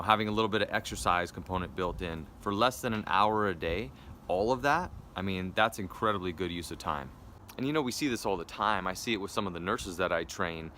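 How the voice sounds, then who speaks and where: A man speaking as a wellness coach, giving an upbeat, persuasive pitch straight to viewers, with casual fillers along the way. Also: sharp tone, a little hiss or hum. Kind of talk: direct sales pitch to viewers.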